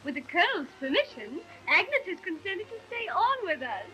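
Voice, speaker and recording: A woman's voice: very high voice, big pitch swings, moderate pace, sharp tone, soft background music, heavily acted, poor audio. A woman playing a refined, gushing lady looking over a house in a 1930s film comedy.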